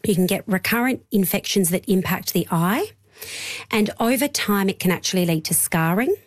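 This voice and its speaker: A woman hosting a radio health show, explaining news clearly and laughing easily. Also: mid-range voice, expressive, normal speed. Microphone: studio mic.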